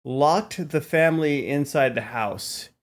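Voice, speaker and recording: A man's voice: a little high, takes it slowly. A man co-hosting a comedy podcast, telling a story in a rambling way full of fillers. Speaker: podcast co-host. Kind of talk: casual comedic chat.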